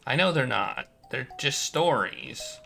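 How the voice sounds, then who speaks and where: Dude voicing a hurt young woman who loves fairy tales, stammery and pleading, kinda raspy. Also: medium pitch, animated, slow pace, pushed and bright, faint music behind, full character voice.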